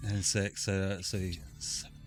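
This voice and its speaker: A man's voice: low voice, completely flat delivery, takes it slowly, faint music behind. A man narrating as dungeon master, with dramatic descriptions and free swearing. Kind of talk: narrating a tabletop game.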